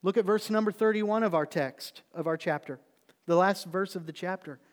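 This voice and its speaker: A middle-aged man, a pastor preaching a sermon, telling a story and then building into animated emphasis. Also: sits high, moderate pace. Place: church sanctuary. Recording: long reverb of a church hall.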